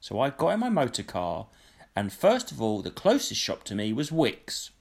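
A man's voice: mid-range voice, wildly swooping pitch, moderate pace, vocal fry, a little mellow, slightly rough. A man telling a long, sweary, indignant story in casual chat. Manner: sweary, indignant, mimics people in his stories.

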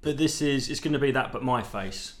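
A man's voice: medium pitch, brisk. A man hosting a casual comedy chat, cracking crude, cheeky jokes. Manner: joking, cheeky, crude banter. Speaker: podcast co-host, comedian.

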